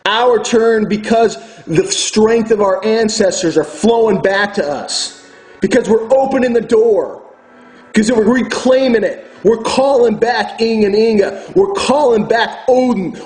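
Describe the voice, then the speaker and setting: A man's voice: high voice, unhurried, darkish tone, low-quality recording. A man delivering a furious, profane ranting monologue as host of his own video channel, preaching to his viewers.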